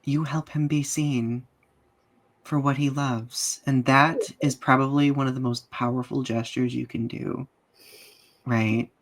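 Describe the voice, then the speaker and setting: A man hosts a casual podcast interview in a mid-pitched voice. He is warm and affirming, and he shows his enthusiasm openly as he talks with his guest. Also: steady tone, a little slow. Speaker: podcast host.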